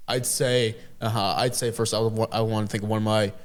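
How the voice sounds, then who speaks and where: A man's voice: on the low side, flat delivery, quick pace. A teenage boy answering interview questions, rambling with many restarts. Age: teens. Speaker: student guest.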